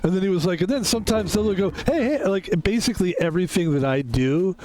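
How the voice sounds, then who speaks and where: A man streaming a game, hoarse while recovering his voice, rambling in a quiet hushed way. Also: sits high, quick pace. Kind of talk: casual gameplay commentary.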